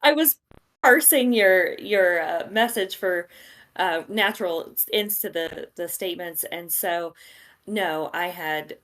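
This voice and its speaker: A woman's voice: fairly low pitch, slow pace, fairly bright tone. A woman editor talks casually as a podcast guest. Her humor is dry and wry, and she answers in an easygoing way. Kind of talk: casual chat.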